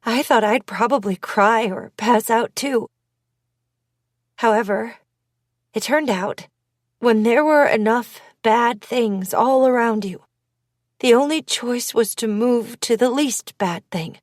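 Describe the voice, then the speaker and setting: A woman reading first-person audiobook narration in a measured, deliberate manner. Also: on the high side, no room sound, studio quality.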